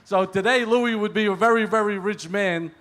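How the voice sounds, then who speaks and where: A man with a high voice introduces an award winner. He mixes praise with light jokes as he speaks. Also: moderate pace, fairly bright tone. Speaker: award presenter.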